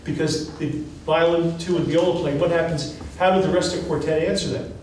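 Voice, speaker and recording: A male music professor teaching a class, asking students questions in an animated, encouraging way. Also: fairly high pitch, a little fast. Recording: echoey classroom from far off, faint hiss.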